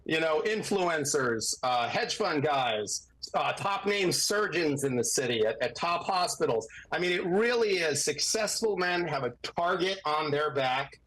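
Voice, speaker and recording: A man's voice: on the high side, measured pace, rough recording. A man who works as an attorney, talking as a guest on a podcast and acting out the voices he quotes. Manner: animated, acts out quoted voices. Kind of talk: podcast commentary.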